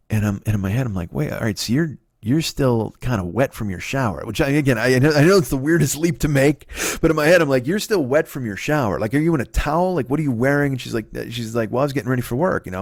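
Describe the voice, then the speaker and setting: A man's voice: on the low side, no room sound, studio quality. A man in his forties hosting a podcast, telling a comedic story in a profane, exasperated way, acting out both sides of old arguments. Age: 40s. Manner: profane, exasperated, animated retelling with quoted dialogue. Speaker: podcast host.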